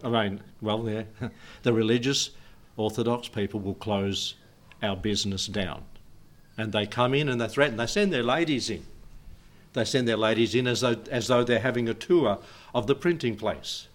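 A middle-aged man preaching as a pastor in an informal, digressive way, chuckling often between his points. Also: on the low side. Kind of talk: informal sermon.

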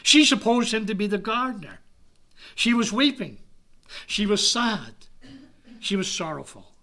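A man preaching a sermon in an earnest, measured way, sometimes dropping to a near-whisper. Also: sits high, lively intonation, sharp tone.

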